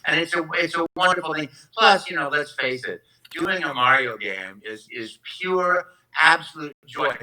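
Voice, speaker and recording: A man's voice: on the high side, expressive, normal speed, hardly any pauses, sharp tone, poor audio. A man being interviewed as a voice actor guest on a live-streamed convention Q&A, telling stories effusively with many restarts, talking into a propped-up phone at home. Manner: effusive, enthusiastic storytelling with rambling restarts.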